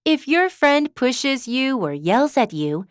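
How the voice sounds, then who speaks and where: A woman reads short parenting phrases slowly and with great care, her fairly high voice rising and falling in a lively, sing-song way. She sounds gentle and patient, as if she were talking to a small child. The recording is close and dry, with no room sound at all. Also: dry recording. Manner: gentle, slow and clearly enunciated, as if speaking to a child. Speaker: example sentence reader. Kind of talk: scripted reading of parenting phrases.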